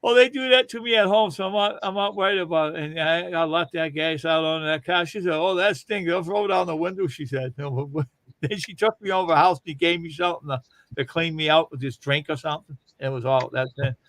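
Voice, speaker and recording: A man's voice: a little high, steady tone, quick pace, fairly bright tone, no room sound. A man casually telling long, rambling funny stories on a livestream and laughing as he goes. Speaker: livestream host. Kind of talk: casual storytelling chat.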